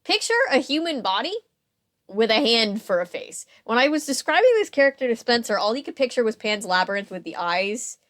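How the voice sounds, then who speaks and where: A woman's voice: fairly high pitch, expressive, a little fast. A woman co-hosting a podcast in casual chat, talking in a chatty, amused way with plenty of fillers and restarts. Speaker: podcast co-host.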